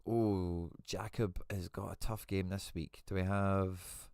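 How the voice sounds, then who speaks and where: Man, low-pitched, live-stream host, chatty, thinking aloud, dry close sound. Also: steady tone, unhurried, gravelly, mellow, no echo. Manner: chatty, thinks aloud, reads out viewer comments.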